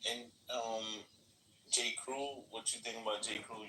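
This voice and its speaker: A man's voice: medium pitch, steady tone, unhurried. Man, casual, inquisitive, distant, noisy, echoey. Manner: inquisitive, conversational. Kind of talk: casual chat. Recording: distant echoey line with clear background noise.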